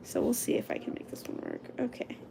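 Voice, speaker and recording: A young woman livestreaming from home at night, casually chatting to viewers as she draws lettering and talking herself through each step, sometimes in a hushed whisper. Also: fast, noisy background. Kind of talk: casual livestream chat while drawing.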